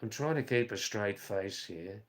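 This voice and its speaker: A man hosting a live stream, reading out viewers' chat comments and answering them in a slow, rambling way with dry teasing asides. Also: on the low side, expressive. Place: Nepal or India.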